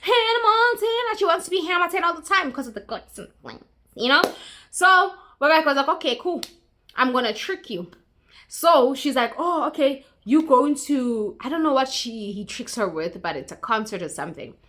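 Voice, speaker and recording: A woman's voice: high-pitched, lively intonation, a little fast, bright, forceful tone. A woman recapping a movie in a chatty, mocking way, acting out characters as she goes. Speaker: YouTuber.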